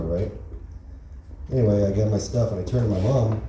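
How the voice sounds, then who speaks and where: Stand-up man, open mic, dark low voice, rambling deadpan delivery, echoey far-off club sound. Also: fairly quick, creaky, long pauses, slight background noise. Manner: rambling, filler-heavy, deadpan. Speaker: stand-up comedian. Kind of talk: stand-up comedy set.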